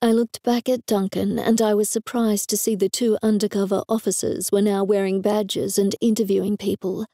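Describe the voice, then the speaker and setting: Gravelly, mellow woman audiobook narrator. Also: mid-range voice, level tone, normal speed, few pauses, dry recording, studio quality. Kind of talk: first-person audiobook narration.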